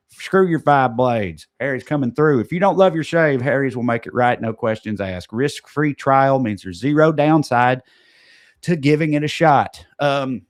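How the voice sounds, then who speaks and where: A man co-hosting a podcast, reading sponsor ads in a casual way with joking, off-the-cuff asides. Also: medium pitch. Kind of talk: casual ad read.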